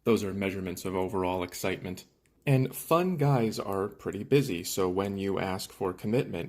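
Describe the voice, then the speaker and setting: A man with a fairly low voice narrates an explainer about dating, walking through a chart point by point. His delivery is dry and matter-of-fact.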